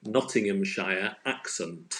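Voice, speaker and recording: A man's voice: sits low, slow pace, a bit bright, slight background noise. A man hosting a casual live-stream quiz from home on a phone, chatty and playful, laughing often. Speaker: quiz host.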